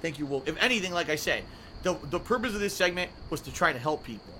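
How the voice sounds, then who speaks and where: A man's voice: a little high, expressive, quick pace, bright, forceful tone, a little hiss or hum. A man hosting a live-stream podcast from home, talking earnestly and emotionally and close to tears while he reads viewer messages and signs off. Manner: casual, with swearing and filler words. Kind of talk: heartfelt sign-off while reading viewer messages.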